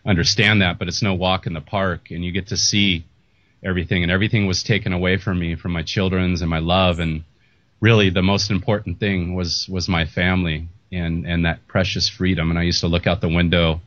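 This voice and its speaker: A man's voice: low-pitched, level tone, a little fast, fairly bright tone, no room sound. A middle-aged man hosting a podcast interview, talking candidly and emotionally, rambling with restarts. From United States. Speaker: podcast host. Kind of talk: earnest interview talk. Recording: muffled lo-fi audio.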